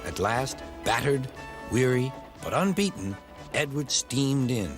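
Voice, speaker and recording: A man narrating a children's train story in a gentle, expressive scripted reading. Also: medium pitch, unhurried. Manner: gentle and expressive, doing all the voices. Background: music score.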